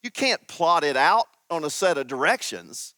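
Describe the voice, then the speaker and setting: A man preaching a sermon as pastor, teaching slowly and emphatically with dramatic pauses. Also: fairly high pitch, sing-song, bright, forceful tone, no echo.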